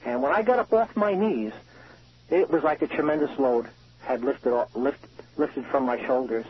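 An incarcerated man phones in from a prison payphone, sharing a heartfelt, emotional testimony with frequent restarts. His mid-range voice is slightly rough and moderately paced; the recording is dry, through a muffled payphone line.

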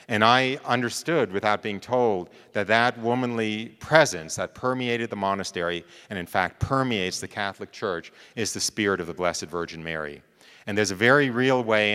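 A man with a fairly low, bright, forceful yet smooth voice speaks in a big-room space. Telling a personal story, he stays conversational and checks in often with "right?" and "you know".

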